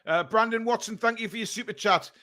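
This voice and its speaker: A man hosting a live fan watchalong, calling the match play by play and reading viewer messages, partisan and quick to outrage. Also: sits high. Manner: excitable, shouts at big chances and bad calls; indignant, partisan.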